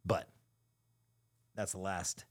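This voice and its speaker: A man's voice: low-pitched, level tone, slow pace. A man co-hosting a podcast, telling a candid, profane story in casual chat and acting out the quotes. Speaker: podcast co-host.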